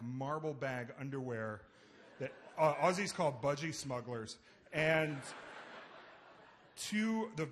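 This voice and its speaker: A man telling an animated comic story on a theater stage. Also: fairly high pitch. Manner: animated, swings into acted quotes. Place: theater stage before an audience.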